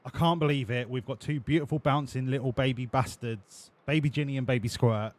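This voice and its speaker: A man streaming a racing game live, bantering with his chat in a profane, excitable way. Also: medium pitch, brisk.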